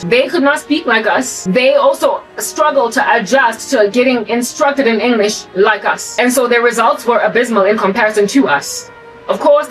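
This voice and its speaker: A fairly high-voiced South African woman with an American tinge to her accent, speaking in a rambling, emphatic solo talk and looping back over her words. She sounds set back from the microphone, with faint music under her. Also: a bit bright, far from the mic, low-quality recording. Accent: South African with American influence. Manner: rambling, emphatic, repeats and restarts phrases. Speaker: channel host. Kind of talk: casual monologue.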